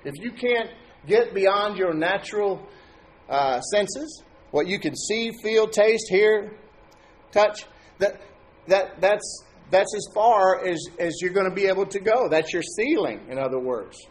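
A man's voice: high-pitched, expressive, measured pace. A man preaching a sermon as pastor, talking to his congregation in a conversational way and asking them questions.

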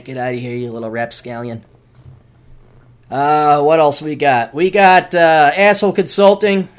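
Rambling, animated podcast host. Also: male voice, a little high. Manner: rambling and animated, with jokey asides. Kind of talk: casual solo podcast monologue.

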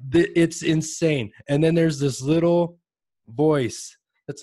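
A man's voice: a little high, unhurried, mellow, no room sound. A man hosting a casual podcast chat, talking animatedly and laughing often as he acts out little voices. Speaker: podcast host.

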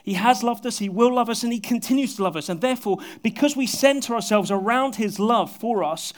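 Male pastor, higher-pitched, delivering an earnest sermon with soft, intimate drops and light self-mocking humor. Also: brisk. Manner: earnest, often dropping to soft, intimate tones; self-deprecating humor with bursts of laughter. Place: church service with a congregation.

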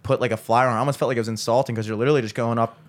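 A man's voice: medium pitch, fairly even intonation, very fast. A young man in a loose, joking conversation, telling stories about odd jobs in an easygoing voice. He curses freely and breaks into laughter often. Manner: laid-back storyteller, swears, laughs a lot. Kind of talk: casual podcast chat.

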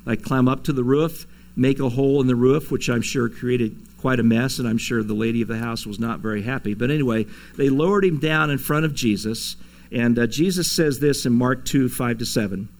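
Pastor preaching a conversational sermon. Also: male voice, medium pitch, fairly quick. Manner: conversational preaching with chuckles and dramatic quoted voices. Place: church sanctuary.

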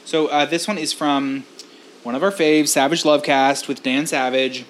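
A woman's voice: deep voice, steady tone, slight background noise. A woman co-hosting a comedy podcast who chats casually and agreeably and introduces the segments. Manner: easygoing, agreeable, quick to laugh along. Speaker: podcast co-host. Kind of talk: casual chat.

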